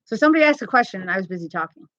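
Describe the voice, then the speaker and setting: A woman's voice: mid-range voice, lively intonation, rapid-fire, a bit bright, no echo. A woman hosting a casual crochet live stream from home, chatty and laughing often. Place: home, indoors. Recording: slightly dull lo-fi sound.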